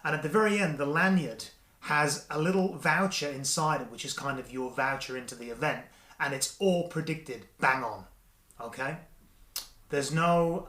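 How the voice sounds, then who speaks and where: A man's voice: on the high side, fairly bright tone. An Australian man reviewing a magic trick, chatty and self-deprecating, slipping into a livelier patter voice when he performs. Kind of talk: casual product review with demonstration. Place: indoor room, alone at camera. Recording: echoey room.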